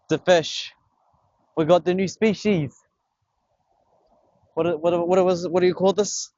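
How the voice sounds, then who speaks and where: A young man, excitedly filming himself fishing on a beach, swearing and talking in slang. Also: sits high, slow, pauses often, no room sound, muffled recording. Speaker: vlogger. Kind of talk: casual fishing vlog commentary. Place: outdoors on a beach by the water. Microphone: camera on a tripod.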